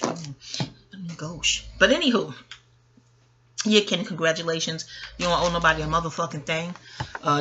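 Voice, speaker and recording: A chatty woman rambles through a reality show review with a bright, forceful tone. She swears freely and keeps turning to the listener with "okay?" asides. Faint noise hums behind her voice. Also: medium pitch. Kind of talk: rambling casual commentary.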